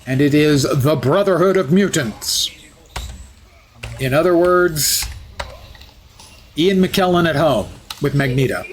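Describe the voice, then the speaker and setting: A man's voice: fairly high pitch, lively intonation, takes it slowly, long pauses, slight background noise. A man streaming live, chatting through gameplay with wry asides and jokes.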